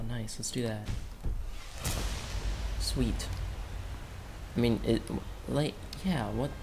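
A man's voice: medium pitch, vocal fry. Rambling young man playing a game. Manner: rambling, joking, talks to game characters. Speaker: gaming YouTuber. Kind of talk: let's play commentary. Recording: game music behind the voice.

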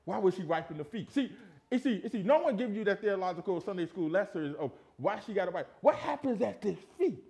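A man delivering a church sermon, his carrying emphatic rhetorical questions. His pitch sits a little high and swoops widely as he swings from loud declarations to hushed asides. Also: lively intonation, brisk, creaky. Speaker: pastor. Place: church sanctuary.

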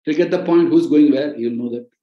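A ministry president and preacher with an Indian accent gives sermon-style teaching on a podcast, earnestly repeating key phrases for emphasis. He speaks fairly quickly in a fairly high voice, and the audio sounds roomy and dull.

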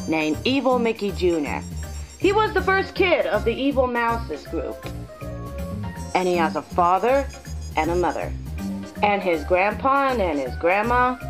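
A female voice telling an improvised adventure story in an excitable, rambling way, with homemade sound effects. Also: medium pitch, rough recording. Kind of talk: improvised toy story narration.

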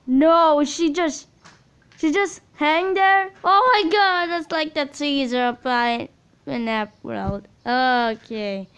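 A woman giving excitable reaction commentary full of gasping exclamations while watching a video. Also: high-pitched, takes it slowly, poor audio. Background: loud music from the watched video.

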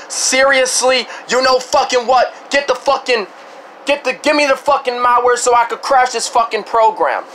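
A man's voice: extremely high pitch, sharp tone, a little hiss or hum, poor audio. A man in an angry rant, swearing heavily and stumbling over repeated restarts. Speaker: vlogger. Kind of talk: angry ranting to camera.

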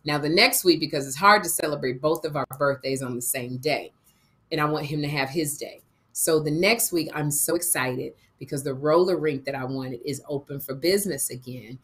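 A woman co-hosting a casual comedy livestream, telling a story in an animated way and acting out other people's voices. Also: low-pitched, normal speed. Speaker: co-host.

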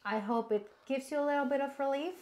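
A woman's voice: high voice, fast talker, a little mellow. A woman co-hosting a live cooking stream in a home kitchen, chatting casually and reading viewer comments aloud. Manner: chatty, reads chat messages aloud.

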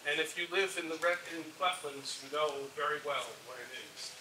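A man's voice: fairly high pitch, brisk. A man giving a formal ceremonial speech, emphatic and stressing key words. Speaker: member of an order speaking at a ceremony. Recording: echoey, distant, with background noise.

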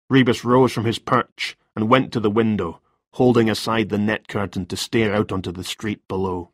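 A man narrating a story for listeners, reading in a steady, even way. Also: lowish voice, normal speed, no echo, studio quality.

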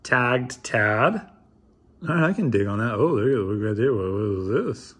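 A man's voice: on the low side, lively intonation, normal speed, fairly bright tone, breathy edge. A man in his thirties opening trading card packs in a casual vlog, reading names aloud with wry, mumbled asides. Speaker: card opener.

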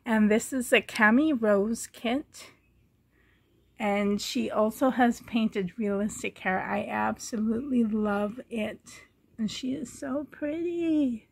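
Soft-spoken woman, slow and pausing. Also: on the high side, vocal fry, slightly rough. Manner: gentle, pausing often, fond and chatty. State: slightly hoarse, frog in throat. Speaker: doll collector vlogger. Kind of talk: casual show-and-tell vlog. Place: at home.

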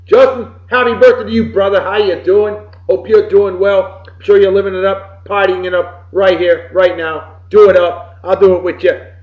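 A man from Massachusetts, hosting a show and giving folksy, boisterous birthday shout-outs. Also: sits high, steady tone, normal speed, few pauses. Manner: boisterous and folksy, swinging loud and soft. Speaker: podcast host. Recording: roomy, slightly dull lo-fi recording.

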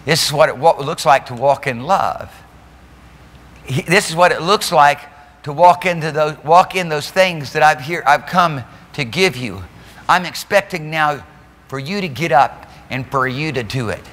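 Pastor guy preaching hard, bright voice, big echoey church hall. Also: a little high, measured pace. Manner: animated preaching, laughing, mimicking voices. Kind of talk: sermon. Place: church sanctuary. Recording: long hall reverb.

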